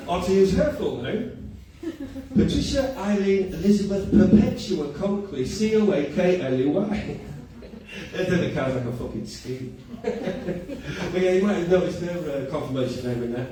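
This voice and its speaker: A man's voice: fairly high pitch, expressive, measured pace, warm tone. A male comedian performing a stand-up set at a cafe comedy night, self-deprecating and often laughing at his own lines. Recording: echoey room, far mic, noisy.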